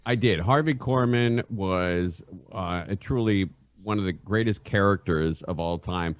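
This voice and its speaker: Middle-aged guy, low voice, dry close mic, rambling storyteller who laughs through his tales. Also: unhurried, no echo. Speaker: guest, radio host. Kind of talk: casual anecdote telling.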